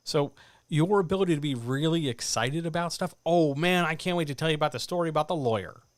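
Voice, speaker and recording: Man, writing coach, lively and direct, fairly high pitch, dry close sound. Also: fast talker, no room sound. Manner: animated, addresses listeners directly; mutters whispered asides to himself. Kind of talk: livestreamed talk to writers. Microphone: desk microphone.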